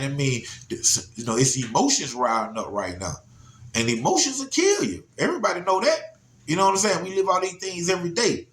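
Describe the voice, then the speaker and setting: Animated man telling a street story. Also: fairly high pitch. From Georgia, US. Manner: animated, repeats "you know what I'm saying". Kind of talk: casual spoken storytelling. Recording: roomy echo.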